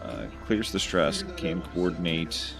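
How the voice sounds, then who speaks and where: A man giving casual play-by-play commentary on a tabletop miniatures game, calmly explaining each move. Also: sits low, unhurried, vocal fry, music in the background. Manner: relaxed, explains moves step by step.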